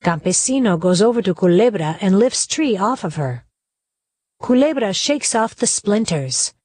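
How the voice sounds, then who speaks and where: A woman's voice: mid-range voice, animated, moderate pace, a little mellow, dry recording. A woman reading a children's play aloud, including the stage directions. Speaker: reader.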